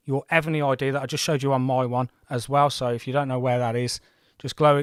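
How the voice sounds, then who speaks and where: A man in his forties talks through a game on his livestream, chatty and rambling, often poking fun at himself. His voice sits at an ordinary middle pitch and the recording is dry and close. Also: no echo. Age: 40s. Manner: chatty, rambling, self-deprecating. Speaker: gaming livestream host. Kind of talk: casual livestream commentary.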